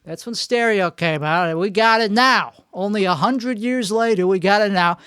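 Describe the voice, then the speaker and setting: High, clear-voiced man rambling comically. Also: moderate pace, fairly bright tone, no echo, studio quality. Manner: drifts in and out of a put-on frantic Chicago-style accent, self-interrupting. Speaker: podcast host. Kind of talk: rambling comedic monologue. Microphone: two microphones up close.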